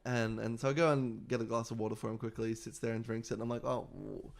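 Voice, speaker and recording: A man's voice: medium pitch, very fast, creaky. A young man, co-hosting a casual podcast and telling stories with energy and the odd swear. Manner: animated storyteller, swears freely. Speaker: podcast co-host. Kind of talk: casual chat.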